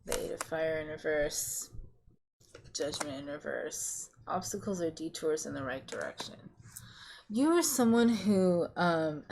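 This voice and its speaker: A woman with a low voice reads tarot cards in a slow, unhurried way. She rambles and hesitates, trailing off into fillers and restarts as she talks to the viewer in a relaxed, chatty reading. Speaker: tarot reader. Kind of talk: casual pick-a-card tarot reading.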